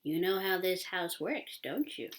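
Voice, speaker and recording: A woman voicing a weary old woman in a storybook reading, speaking in a hoarse, tearful whisper. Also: lowish voice, expressive, a little slow, slight background noise. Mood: sorrowful whisper. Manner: breathy whispering, tearful pleading.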